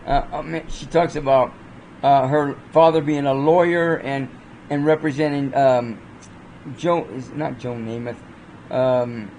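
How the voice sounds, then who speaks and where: A man's voice: medium pitch, steady tone, unhurried, darkish tone, slight background noise, poor audio. A man giving a rambling, casual movie review, full of fillers and restarts, acting out lines of dialogue as he retells the plot. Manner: rambling, lots of fillers and restarts, acts out quotes.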